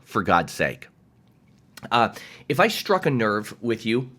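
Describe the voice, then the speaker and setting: A man's voice: medium pitch, sing-song, measured pace, a bit bright. A man giving a direct-to-camera motivational talk as a coach, emphatic and passionate, swearing freely.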